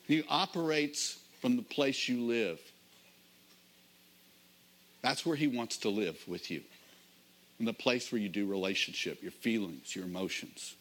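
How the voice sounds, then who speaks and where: A middle-aged man, a pastor, preaching a sermon in a conversational storytelling manner, slowing down to stress key phrases. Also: mid-range voice, fairly bright tone.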